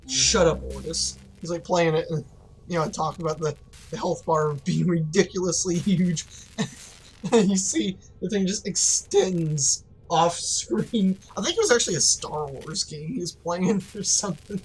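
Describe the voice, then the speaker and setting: A man's voice: high voice, moderate pace, poor audio. A man giving casual, rambling let's-play commentary, joking, laughing and swearing now and then. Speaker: gaming commentator.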